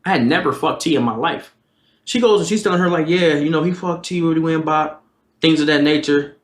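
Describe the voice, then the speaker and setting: In a roomy, echoing recording, a young streamer delivers a storytime packed with slang and swearing, all in an animated, casual way. His voice is on the high side and brisk.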